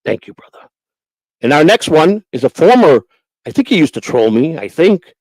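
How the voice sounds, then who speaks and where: Brief: male stream host, profane and grumbling, a bit high, swoopy delivery, dry close sound. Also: big pitch swings, moderate pace, a little mellow, no echo, poor audio. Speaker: livestream host reading super chats. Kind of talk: casual crude chat. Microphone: homemade desk mic.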